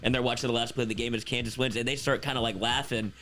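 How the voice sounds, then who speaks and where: A man co-hosting a sports talk show in casual chat, telling animated stories and acting out quotes. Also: mid-range voice, faint music behind. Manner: fast, animated storytelling with acted-out quotes. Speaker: sports radio co-host.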